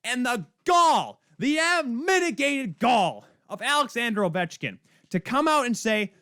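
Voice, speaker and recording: A man hosting a podcast, delivering a heated, sarcastic rant with sudden loud spikes and quick muttered asides. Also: very high-pitched, very animated, clear, resonant tone, dry recording, clean studio sound. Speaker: podcast host. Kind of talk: ranting hockey commentary.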